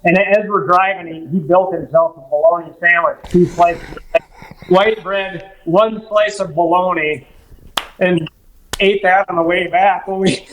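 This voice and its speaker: A man telling stories as a podcast guest and fishing guide, animated and full of restarts. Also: high-pitched, measured pace, slight background noise, poor audio. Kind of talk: casual storytelling chat.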